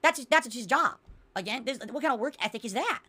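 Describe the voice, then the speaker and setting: Streaming a podcast from her bedroom, a woman vents in a casual, exasperated way and replies to chat viewers. Her voice sits on the high side, pushed and bright, with lively intonation and a slightly fast pace.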